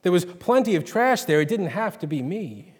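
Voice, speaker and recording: A proud, churchgoing farm wife rails at the heavens in loud, fierce bursts, as a man puts her on in a story reading. The voice sits a touch high, and it rings out in a long, hall-like echo. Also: sing-song, normal speed, husky, heavily acted. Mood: furious railing. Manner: railing, raised and fierce.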